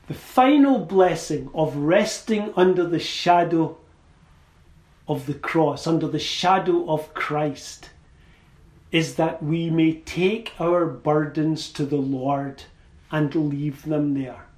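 Slow, high-pitched preacher in an echoey hall. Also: male voice, a little mellow. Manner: slow, measured preaching with rising emphatic phrases. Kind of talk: sermon.

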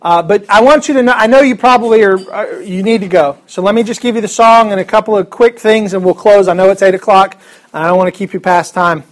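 A man's voice: high voice, fast talker. A man teaching a Bible class in a casual, joking way, chuckling often and restarting his sentences.

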